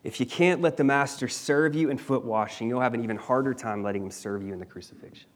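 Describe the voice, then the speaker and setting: A man's voice: medium pitch, fast talker. A man preaching a sermon, retelling a scripture passage with emphatic, dramatic storytelling and the odd casual slang aside.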